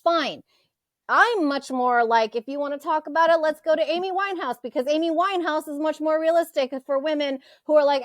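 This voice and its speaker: A high-pitched woman in her forties holds forth in a casual podcast chat, blunt and full of profanity. Her voice sits close and dry in the recording, with no room around it. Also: fairly quick, dry recording. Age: 40s. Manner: blunt, profane, animated rants. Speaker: co-host.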